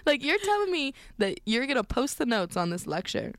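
A woman's voice: high-pitched, very animated, brisk, a bit bright, no room sound. Chatty young woman, dry close mic. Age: young adult. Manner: chatty, laughs often, slangy. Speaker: co-host. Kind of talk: casual chat. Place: studio on air.

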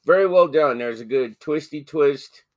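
A man's voice: fairly high pitch, moderate pace. A man co-hosting a podcast in casual chat, joking crudely and swearing freely. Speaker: podcast co-host.

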